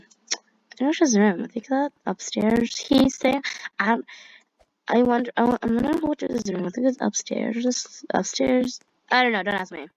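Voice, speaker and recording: A woman's voice: fairly high pitch, no echo, muffled recording. A young woman giving casual, rambling commentary while playing a game, giggling often and using lots of fillers. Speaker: gamer.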